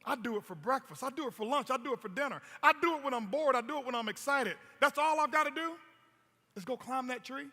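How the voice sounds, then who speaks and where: A man's voice: very high-pitched, fast, sharp tone, full character voice. A man voicing a confident male monkey from a fable, who brags in a casual, matter-of-fact way. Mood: boastful. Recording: long hall reverb.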